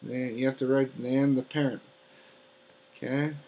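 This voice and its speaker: A man's voice: medium pitch, flat delivery, a little slow, warm tone. A man teaching an algebra lesson step by step, often checking in with "okay?". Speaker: math teacher. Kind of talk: classroom math lesson.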